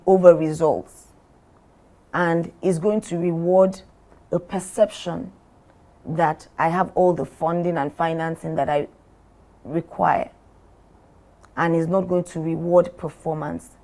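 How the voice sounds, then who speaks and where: A middle-aged woman from Nigeria, a former company chief, speaking deliberately as a guest in a podcast interview. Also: fairly low pitch, fairly even intonation, warm tone. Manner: measured, deliberate, role-plays what she would say.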